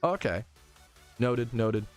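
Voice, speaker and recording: A man's voice: medium pitch, animated, slow, faint music behind. A young man streaming a game, chatting casually, swearing freely and reading out chat messages. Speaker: gaming streamer. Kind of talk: casual livestream commentary.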